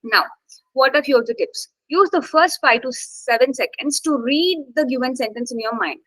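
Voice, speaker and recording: A high-pitched woman leads a live online exam-prep class, speaking close to the mic in a dry, unechoing sound. She keeps checking in with "okay" and "got it" and leans on key words as she explains. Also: normal speed, fairly bright tone, no echo, low-quality recording. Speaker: test-prep instructor.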